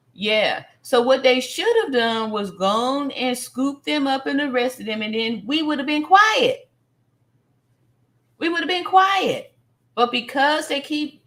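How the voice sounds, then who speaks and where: A woman hosting a casual live stream, reading viewer comments aloud and repeating phrases for emphasis, with plenty of fillers. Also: fairly high pitch.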